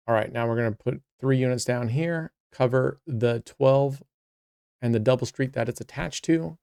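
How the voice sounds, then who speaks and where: Chatty male host, smooth voice, dry close sound, casual roulette play-by-play. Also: mid-range voice, normal speed, darkish tone, dry recording. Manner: chatty, talks to himself and viewers.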